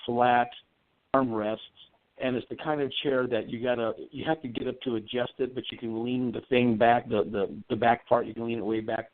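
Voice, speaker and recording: A man's voice: medium pitch, fairly even intonation, normal speed. A man, a psychic medium guest, telling a long rambling story in a radio interview, full of ums and restarts. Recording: tinny phone line.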